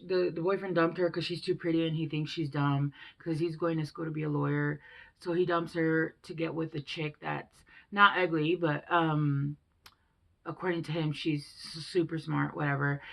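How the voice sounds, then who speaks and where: Young woman, tarot reader, slightly low voice, loose and chatty, curses freely. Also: steady tone, brisk, gravelly. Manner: rambling and chatty, swears freely. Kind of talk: casual tarot reading.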